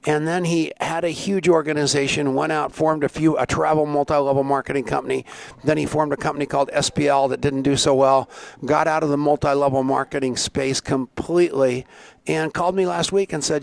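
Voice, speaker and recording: A man's voice: a little high, steady tone, brisk, gravelly, no room sound. A middle-aged man hosting a live online show, chatty and rambling, greeting viewers by name. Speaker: show host.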